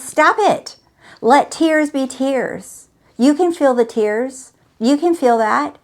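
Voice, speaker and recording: A woman's voice: fairly high pitch, fairly bright tone. Emphatic woman giving a spiritual pep talk. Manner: emphatic, repetitive and coaxing, addressing the listener directly. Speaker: host.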